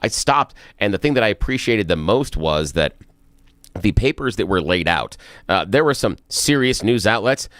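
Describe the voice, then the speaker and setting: Low-voiced rambling male radio host. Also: animated, moderate pace, fairly bright tone, no room sound, clean studio sound. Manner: rambling storyteller, self-deprecating. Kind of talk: talk radio chat.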